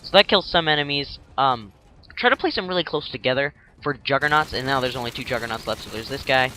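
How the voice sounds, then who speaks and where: A man's voice: mid-range voice, fast, pushed and bright, slight background noise. A young man casually narrating his gameplay as a tutorial, rambling and jokey, acting out enemies in silly voices.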